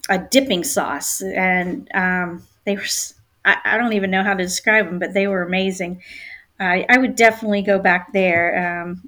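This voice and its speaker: Woman travel agent guest: easygoing chatter, mid pitch, lots of ums while hunting for words. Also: fairly bright tone. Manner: chatty, many filler ums, searching for words. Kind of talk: casual chat.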